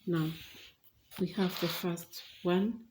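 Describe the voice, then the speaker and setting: A woman teaching an online English pronunciation lesson. She explains slowly and deliberately, with fillers. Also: on the low side, fairly even intonation, noisy background.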